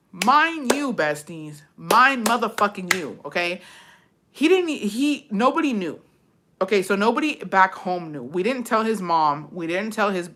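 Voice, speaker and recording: Profane, animated young woman telling a story. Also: fairly low pitch. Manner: profane, animated storytelling, drifts into Spanish words. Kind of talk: casual storytime vlog.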